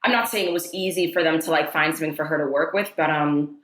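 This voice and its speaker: A woman's voice: sits low, quick pace, a bit bright. A woman guest on a podcast, chatting casually and enthusiastically, with a lot of "like" fillers. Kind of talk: casual chat. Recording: echoey room.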